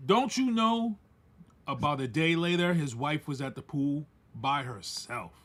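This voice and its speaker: A man, co-hosting a podcast and telling a story casually, animated and laughing as he acts out quoted voices. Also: on the high side, measured pace. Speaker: podcast co-host.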